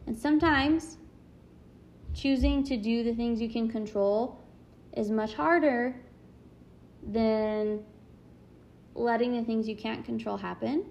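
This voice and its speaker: A woman's voice: on the high side, slow, gravelly, long pauses, darkish tone, highs cut off. A young adult woman speaking candidly and reflectively as a parent, in a casual monologue full of "like" fillers. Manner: candid, self-reflective, chatty with many "like" fillers.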